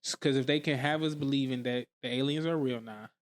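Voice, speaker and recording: A man co-hosting a podcast in casual chat, who gets animated and rises in pitch when pressing a point. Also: fairly quick. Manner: animated, rising excitedly when making a point. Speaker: podcast co-host.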